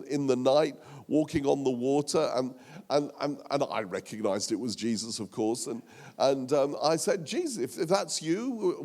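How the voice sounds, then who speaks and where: A preacher playing a boastful rambling apostle. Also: male voice, a little high, vocal fry, a little mellow, in a large hall. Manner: rambling, self-important, many restarts. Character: boastful apostle man telling his sea tale.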